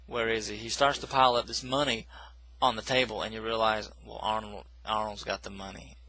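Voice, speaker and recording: A man's voice: fairly low pitch, flat delivery, fairly quick, sharp tone, rough recording. A man casually recapping a film plot in a rambling, self-correcting way, with dismissive asides. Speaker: movie reviewer.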